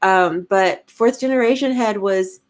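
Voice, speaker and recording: A woman's voice: medium pitch, a little slow. A woman, co-hosting a casual livestream, chatty and giggly as she reads comments aloud. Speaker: podcast co-host reading live chat.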